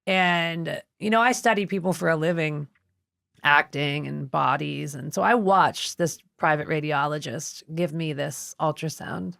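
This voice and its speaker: A woman's voice: low voice, unhurried, vocal fry, no echo, clean studio sound. A woman guest on a podcast, telling a personal story with feeling and acting out the voices of people in it. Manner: expressive, acts out other people's voices in her story. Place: podcast studio.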